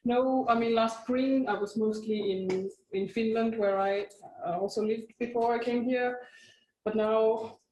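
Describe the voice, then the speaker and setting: A woman's voice: on the high side, steady tone, measured pace, mellow, reverberant, far from the mic, a little hiss or hum, rough recording. A woman from Estonia answering questions modestly in a casual interview. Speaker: guest horn student.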